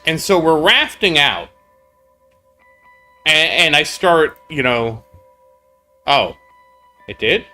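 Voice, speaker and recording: A man's voice: on the high side, sing-song, slow pace, pauses often, sharp tone, faint music behind. A man telling a rambling story on a casual game stream, breaking off to answer viewers in chat. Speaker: gaming streamer.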